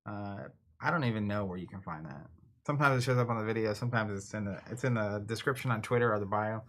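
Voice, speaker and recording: Bright-voiced man chatting casually. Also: lowish voice, quick pace. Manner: chatty, animated speculation. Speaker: co-host. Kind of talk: casual chat.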